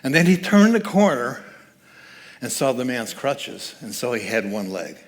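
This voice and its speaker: A man's voice: mid-range voice, very animated, measured pace. A man speaking as guest speaker at a church service, giving a conversational, joking sermon and laughing at his own asides.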